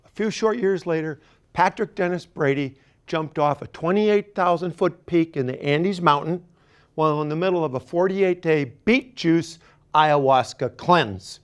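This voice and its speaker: A middle-aged man doing storytelling stand-up comedy, deadpan, dropping at times to a whisper. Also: fairly high pitch, a little slow, clean tone. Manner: deadpan, animated, drops to whispers.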